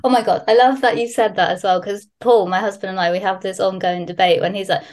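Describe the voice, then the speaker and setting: A woman's voice: medium pitch, fast talker. Candid, swearing woman telling stories. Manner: candid, swears freely, animated storyteller. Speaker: guest. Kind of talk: casual podcast chat.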